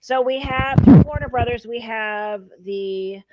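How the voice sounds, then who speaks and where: A woman's voice: fairly high pitch, takes it slowly, darkish tone, no echo. A woman hosting a casual livestream chat, chatty and playful, thinking aloud with fillers. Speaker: host.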